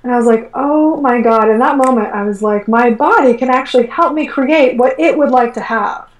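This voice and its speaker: A woman with a fairly high voice talks in a casual, animated way, acting out what she said and thought and dropping plenty of "like" and "um". She sounds set back from the microphone in an echoey room. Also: moderate pace. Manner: animated storytelling, acts out her own quotes, many fillers like "like" and "um". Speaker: guest, energy work coach. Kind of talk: casual conversational interview. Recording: echoey room, voice far from mic.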